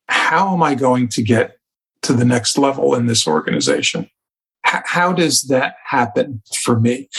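A man speaking as a podcast guest, a communication coach who tells reflective stories from his work and becomes animated at times. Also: medium pitch. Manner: reflective, anecdotal, animated in places. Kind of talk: conversational storytelling.

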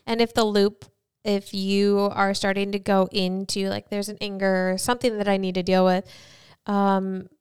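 A woman co-hosting a casual podcast chat, relaxed with frequent fillers. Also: medium pitch, normal speed, smooth. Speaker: podcast co-host.

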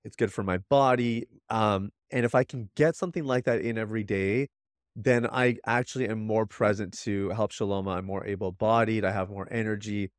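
A man's voice: lowish voice, steady tone, fairly quick, dry recording, clean studio sound. A man in his thirties, a podcast guest, talking earnestly and reflectively in casual conversation, with many restarts.

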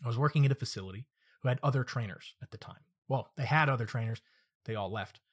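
A man delivers a solo podcast monologue as a working dog trainer. His voice is slightly husky and sits in an ordinary middle pitch. He speaks directly and earnestly, teaching his listeners through his own stories. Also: fast.

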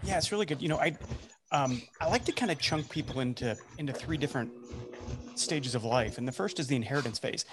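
A male podcast host summing up his guest's story in a reflective, halting way. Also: medium pitch. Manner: reflective, with many fillers and restarts. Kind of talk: casual interview.

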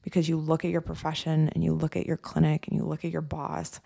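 A coach talks through a podcast monologue in a heavily gravelly, mellow voice. The delivery is casual and chatty, full of fillers and tag questions. The sound is close and dry. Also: mid-range voice, completely flat delivery, quick pace, no echo.

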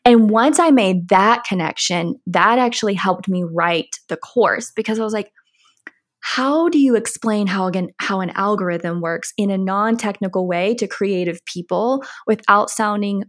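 A woman's voice: mid-range voice, moderate pace. A young woman with an American accent, a podcast guest chatting casually, often laughing and saying "like". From United States. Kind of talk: casual interview conversation.

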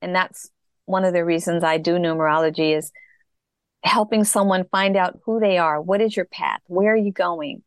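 A woman's voice: fairly low pitch, clear, resonant tone, no room sound, clean studio sound. A middle-aged woman telling her personal story as an interview guest, reflective and earnest. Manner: reflective, earnest, slow in places.

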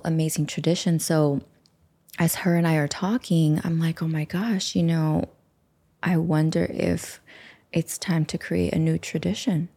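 A woman in her forties from the United States, hosting her own show in a chatty, rambling way and slipping into soft whispered asides. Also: on the low side, vocal fry. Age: 40s. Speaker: podcast host. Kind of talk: casual solo talk.

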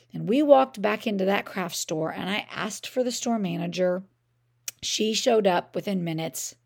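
A woman's voice: medium pitch, vocal fry, darkish tone. A middle-aged woman hosting a parenting podcast, telling a personal story in a conversational way, often saying "I mean" and "like".

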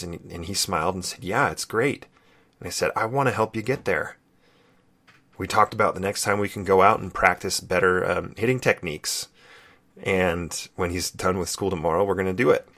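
A man with a low, deep voice shares a family story on his podcast. He speaks earnestly and reflectively, with a quiet emotion running underneath. He sounds like he is in his thirties. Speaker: podcast co-host. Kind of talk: personal storytelling.

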